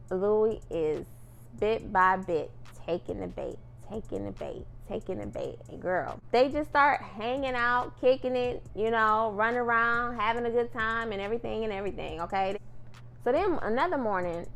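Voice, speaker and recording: Gravelly-voiced sassy woman recapping TV. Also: mid-range voice, moderate pace, fairly bright tone, a little hiss or hum. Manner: chatty, sassy, keeps addressing the viewer as "girl". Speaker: TV recap vlogger. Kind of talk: casual TV episode recap.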